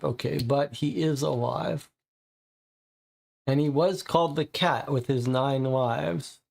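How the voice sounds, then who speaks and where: A man's voice: mid-range voice, takes it slowly, creaky, a little mellow. A man playing a co-op mystery game, casually talking through the clues and sounding puzzled and frustrated. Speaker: co-op game player. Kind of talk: casual live-play chat.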